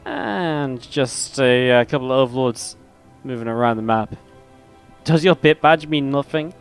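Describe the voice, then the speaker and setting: A man's voice: medium pitch, measured pace, clear, resonant tone, soft background music. A man casting a video game match solo, chatting with his stream chat in a rambling, laid-back way between play-by-play calls. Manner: rambling, chatty, laughs at own stories. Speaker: esports caster and streamer.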